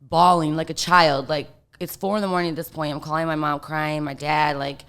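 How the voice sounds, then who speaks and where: A woman's voice: sits low, steady tone, a little fast, fairly bright tone, clean tone. A woman guest telling a story in casual chat, rambling with lots of fillers and swearing.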